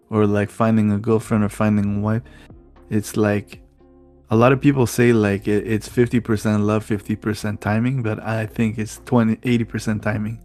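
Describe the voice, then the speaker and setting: Male podcast host, low monotone, hesitant starts, faint music. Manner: hesitant, repeats words while starting sentences. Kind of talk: casual podcast conversation.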